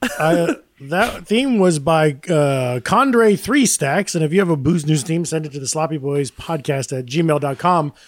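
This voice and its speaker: A man riffing as a podcast co-host, his voice a touch higher than most and recorded dry with no room sound. He jokes wryly and laughs often. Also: expressive, a little slow, no room sound. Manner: joking, laughs often, wry. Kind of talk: casual comedic chat.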